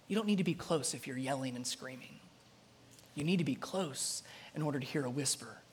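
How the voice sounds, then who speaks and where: A pastor preaching a sermon with dramatic delivery, swinging between loud passages and soft ones. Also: mid-range voice, brisk, a little hiss or hum.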